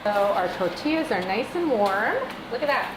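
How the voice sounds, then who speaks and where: A woman's voice: mid-range voice, animated, moderate pace, echoey room, background noise. A woman hosting a casual cooking show, explaining each step in a chatty, instructive way.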